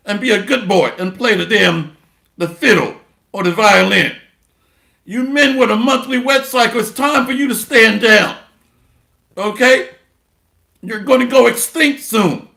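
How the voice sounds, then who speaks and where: A high-pitched man preaches slowly with a gravelly edge. His tone is bright and sharp, blunt and mocking as he reads scripture and drives his points home, in a roomy, echoing space. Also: animated. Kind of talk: sermon with scripture reading.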